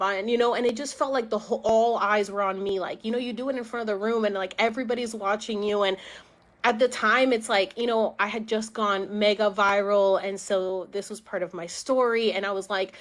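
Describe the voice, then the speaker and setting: A woman's voice: mid-range voice, fairly quick. A young woman casually telling a personal story on a live stream, chatty, with many fillers and acted-out quotes. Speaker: podcast host.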